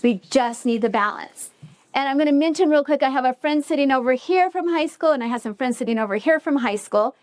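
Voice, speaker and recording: A woman hosting a live cafe storytelling night, her voice notably high. She talks casually to the room, chatty and informal, thinking aloud as she goes. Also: fast, few pauses, a little mellow. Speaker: event host. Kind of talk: live event hosting remarks. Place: cafe event before a live audience.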